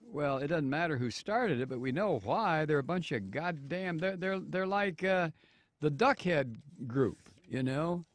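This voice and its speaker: A man hosting political talk radio, reading a news story slowly with many fillers and sarcastic asides. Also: a little high, lively intonation. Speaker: radio talk show host.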